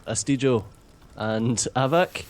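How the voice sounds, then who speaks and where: A man's voice: mid-range voice, slow, no echo. A man with a Glaswegian Scottish accent, chatting casually as a co-player in a gaming session, teasing and dry. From Scotland.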